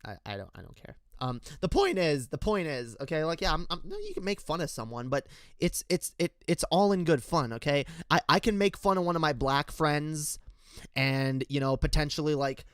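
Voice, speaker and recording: A man's voice: on the high side, big pitch swings, moderate pace, a bit bright, clear, resonant tone, no room sound, clean studio sound. A young man giving an unscripted, rambling commentary rant, heated and profane, addressing his viewers directly. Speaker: political commentator.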